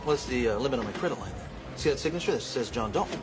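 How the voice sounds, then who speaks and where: A man's voice: mid-range voice, lively intonation, fast, over music, close to an everyday voice. An actor playing a pushy man in a hurry in a TV drama. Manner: pushy, urgent. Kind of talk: TV drama acting.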